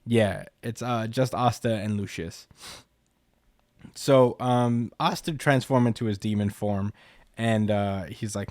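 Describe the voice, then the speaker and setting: A man's voice: fairly low pitch, slow, darkish tone, no echo, studio quality. A young man co-hosting a podcast, casually recapping a story with lots of fillers. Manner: loose, filler-heavy storytelling. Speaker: podcast co-host. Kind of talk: casual chat, recapping a comic chapter.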